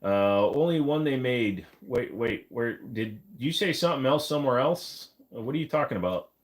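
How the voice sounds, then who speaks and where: A man's voice: medium pitch, animated, moderate pace. A man hosting a livestream, answering chat comments in a loose, rambling, joking way. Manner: rambling, joking, lots of fillers. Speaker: live stream host. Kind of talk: casual live chat reading comments.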